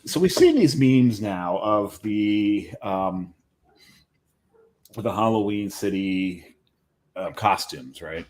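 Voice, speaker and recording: Lively low-voiced man. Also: takes it slowly, pauses often. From New Jersey. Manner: laughs often, jokes, mimics deli orders. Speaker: co-host. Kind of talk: casual chat.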